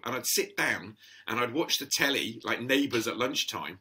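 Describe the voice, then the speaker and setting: A man's voice: medium pitch, expressive, moderate pace, few pauses, pushed and bright. A middle-aged man telling stories in a chatty, rambling way, full of restarts, as a podcast guest. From England. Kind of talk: casual storytelling.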